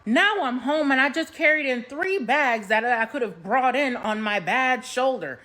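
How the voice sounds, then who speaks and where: A woman telling a story in a casual vlog at home, animated and comic, swearing freely. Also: high voice, measured pace, few pauses.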